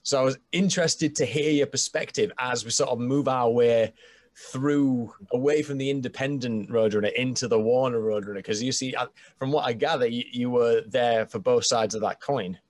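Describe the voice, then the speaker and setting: A man's voice: mid-range voice, steady tone, normal speed, a little mellow, dry recording. A man with a Yorkshire accent hosting a casual podcast interview, chatty and swearing freely. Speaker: podcast host.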